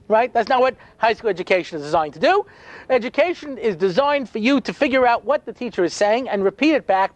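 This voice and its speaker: Animated man telling a comic story. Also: high voice. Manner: animated, comic, dry sarcasm, frequent "you know". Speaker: rabbi giving a talk. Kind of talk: humorous storytelling lecture.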